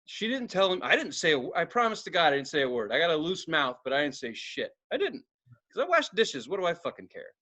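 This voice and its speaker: A man's voice: fairly high pitch, very animated, fast talker, bright, forceful tone. A man on a podcast telling a rowdy story in casual chat, swearing freely and acting out the voices in his quotes. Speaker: podcast co-host.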